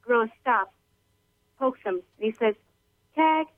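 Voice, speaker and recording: A woman's voice: fairly high pitch, moderate pace, crowd noise. Rambling female caller on a phone line. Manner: rambling storyteller, casual slang. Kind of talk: telling a joke over the phone. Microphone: telephone.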